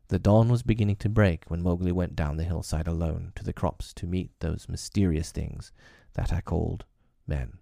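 A man narrating a classic story for his own podcast, measured, a little hesitant when speaking off-script. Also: deep voice, fairly even intonation, vocal fry, warm tone, dry recording, studio quality.

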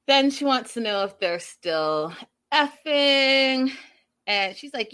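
A woman vlogger chatting casually and recapping a show in an animated, gossipy way. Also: high-pitched, clean tone. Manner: animated, gossipy, speeding up and slowing down. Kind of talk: casual chat.

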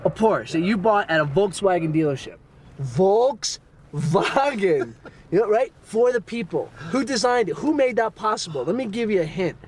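A man's voice: sits high, lively intonation, normal speed, a little mellow. An actor playing a young male punk who sarcastically needles his father, in a film dialogue clip. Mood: sarcastic. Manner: sarcastic, mocking.

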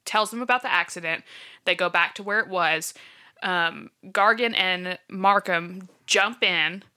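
A woman's voice: fairly low pitch, a little slow, bright, forceful tone. A woman casually retelling a true-crime case from her notes, with many fillers like "um" and "like". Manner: chatty, filler-heavy, checks her notes. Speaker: podcast co-host.

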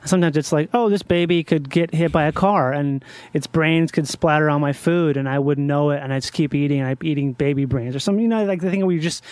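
A man co-hosting a podcast, chatting quickly and joking. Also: on the high side, darkish tone, dry recording. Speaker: podcast co-host. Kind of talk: casual chat.

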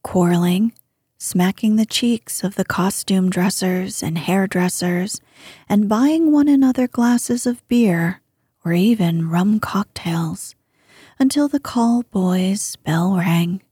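Hushed, slow woman telling a bedtime story. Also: mid-range voice, husky, dry recording, clean studio sound. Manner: soothing, hushed, often whispering. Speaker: sleep story narrator. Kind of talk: soft bedtime story narration.

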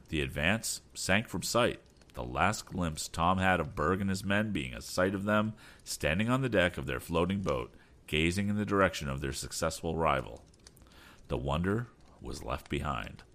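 A man hosting a storytelling podcast, reading an adventure book aloud with expressive narration. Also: low voice. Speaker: podcast host and audiobook reader. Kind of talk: audiobook narration.

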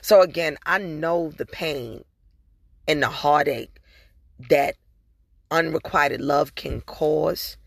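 A woman's voice: low-pitched, takes it slowly, vocal fry, long pauses, dry recording, clean studio sound. A woman hosting her own podcast, telling a personal story in a candid, profane, casual way and addressing her listeners directly. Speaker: podcast host.

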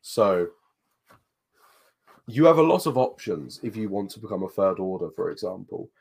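A man's voice: low voice, big pitch swings, normal speed, vocal fry, darkish tone, husky. A man in casual conversation, reading passages aloud from books and giving emphatic advice. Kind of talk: casual chat.

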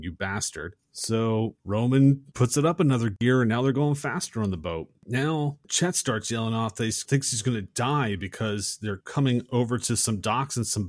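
A man's voice: mid-range voice, a little mellow, no room sound, clean studio sound. A man co-hosting a podcast, casually retelling a movie scene in a rambling, chatty way. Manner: rambling, chatty, acts out quotes. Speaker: podcast co-host.

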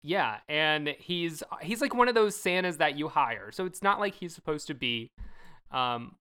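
A podcast co-host chatting casually and telling stories in an animated way, laughing often. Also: medium pitch, a little slow, clear, resonant tone. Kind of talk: casual chat.

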